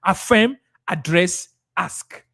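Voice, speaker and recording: A man's voice: high-pitched, takes it slowly, gravelly. A man with a Nigerian accent running a live sales training webinar, reading out viewers' answers and role-playing replies to clients. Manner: energetic, reads chat comments aloud, role-plays client replies.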